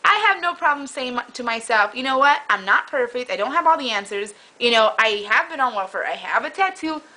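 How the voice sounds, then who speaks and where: A young woman talks straight to her camera in a loose, rambling way, piling one story onto the next. Her voice sits a little high and sounds bright and clear. It feels like an unscripted home vlog. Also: expressive, brisk, poor audio. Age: young adult. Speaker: vlogger. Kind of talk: casual chat.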